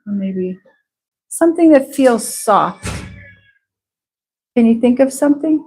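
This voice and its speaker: Patient woman teaching English, unhurried and clear, faint hiss behind. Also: fairly high pitch, animated, a little mellow, low-quality recording. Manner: slow, patient, drawn-out repetition of words. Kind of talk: live online English class.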